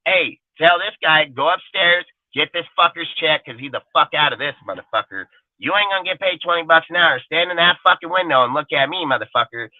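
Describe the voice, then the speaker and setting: A man's voice: a little high, no echo. A young man ranting heatedly and profanely as the host of a call-in show, swaggering and blunt. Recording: tinny phone-line sound.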